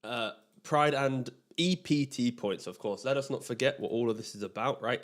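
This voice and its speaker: A laid-back man talking through esports standings in a loose, chatty way. He talks at a mid pitch, full of filler words and restarts. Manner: casual, chatty with many fillers. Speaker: esports analyst. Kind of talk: studio broadcast analysis.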